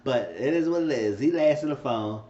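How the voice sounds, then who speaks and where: Animated man recapping in a roomy room. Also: brisk. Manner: animated, jumps to high squeals when quoting characters. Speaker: TV episode reviewer. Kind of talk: casual recap with acted-out quotes. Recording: roomy, muffled home recording.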